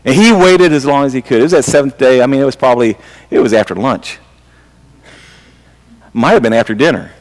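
A man's voice: mid-range voice, in a large hall, low-quality recording. A man preaching a sermon in a conversational way, often restarting his sentences and asking his listeners questions. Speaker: pastor.

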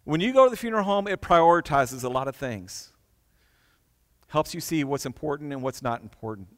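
A man's voice: a little high, animated, brisk, in a large hall. A man preaching a sermon as a pastor, earnest, with repeated words and rhetorical questions. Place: church.

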